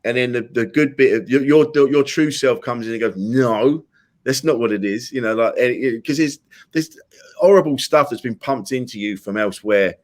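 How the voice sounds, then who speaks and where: A man's voice: mid-range voice, normal speed. A man, a comedian guest on a talk show, chatting casually and acting out his inner voices with jokes. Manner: animated, jokey, acts out inner voices. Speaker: comedian and podcast host, guest. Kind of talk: casual chat.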